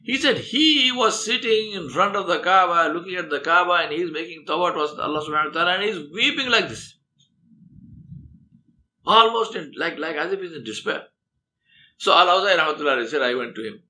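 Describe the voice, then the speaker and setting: A male Islamic lecturer narrating a moral story in sermon style, earnest, with rapid bursts of Arabic recitation. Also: high voice, expressive, pushed and bright.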